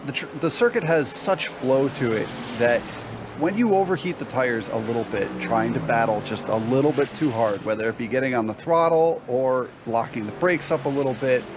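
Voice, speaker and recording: A man giving relaxed, explanatory color commentary on a sim race, breaking down passes and racing lines. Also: medium pitch, moderate pace. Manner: relaxed, explanatory analysis with fillers. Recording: noticeable background noise.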